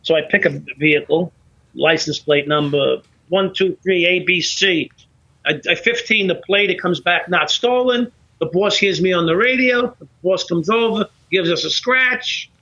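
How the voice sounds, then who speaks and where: High bright New man, profane storyteller. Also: moderate pace. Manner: animated, profane, acts out both sides of dialogue. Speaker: podcast guest, former police officer. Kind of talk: casual storytelling in conversation. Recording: dull lo-fi podcast audio.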